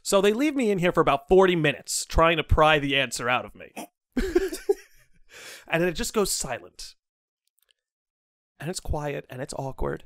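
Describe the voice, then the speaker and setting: A young man hosting a podcast, telling a college story with lively quoted voices and frequent laughter. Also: on the high side, normal speed, pauses often, dry recording, studio quality. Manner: animated storyteller, acts out quotes, laughs a lot. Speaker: podcast host. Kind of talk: casual storytelling chat.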